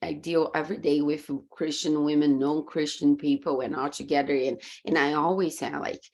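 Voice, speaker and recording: This low-pitched woman talks at a moderate pace with a Brazilian Portuguese accent. A coach appearing as a podcast guest on a video call, she tells her stories with earnest, faith-driven animation, playing out her own reactions as the interview unfolds conversationally.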